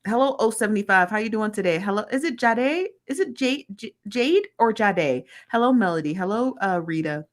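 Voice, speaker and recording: A woman hosting a relaxed livestream, talking casually into her phone. Her voice sits in a middle pitch but swings widely and expressively. She greets each viewer by name in a warm, gossipy way. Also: moderate pace, hardly any pauses. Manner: greets chat viewers by name, animated and chatty. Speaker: livestream host.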